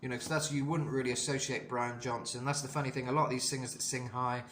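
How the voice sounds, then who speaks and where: A man's voice: medium pitch, level tone, fast talker, fairly bright tone, roomy sound, slight background noise. A man giving a casual singing lesson and explaining vocal technique in loose, rambling talk full of fillers. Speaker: vocal coach.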